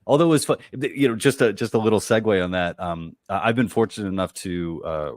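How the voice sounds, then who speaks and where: A man with a very low, deep voice tells personal stories in an easy, conversational way. He halts often, repeats words and fills gaps with "uh" and "you know." The sound is close and dry, with no room echo. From United States. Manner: halting, many fillers and repeated words, laughs while telling stories. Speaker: comedian guest. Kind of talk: relaxed conversational storytelling.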